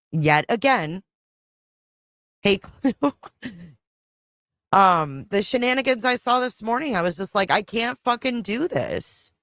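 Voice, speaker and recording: A woman's voice: mid-range voice, a bit bright, no room sound, studio quality. A middle-aged woman hosting a casual livestream chat, frustrated and rambling, repeating herself and swearing. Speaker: livestream host.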